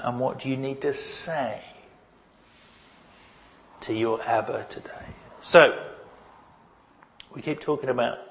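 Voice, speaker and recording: A man preaching a sermon as pastor, earnest and questioning, leading the listeners into a quiet reflection. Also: medium pitch, low-quality recording.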